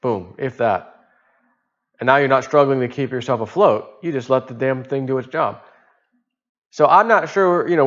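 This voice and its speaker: A man in a relaxed monologue, telling a story in a rambling way with loose chuckles and offhand swearing. His voice sits at a middle pitch. The recording sounds dull and lo-fi. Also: moderate pace, pauses often. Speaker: vlogger.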